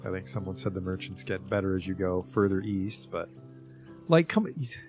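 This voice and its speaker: A man's voice: low-pitched, level tone, brisk, faint music behind. A man streaming a video game, chatting casually, reading item descriptions aloud and swearing now and then. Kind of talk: casual livestream commentary.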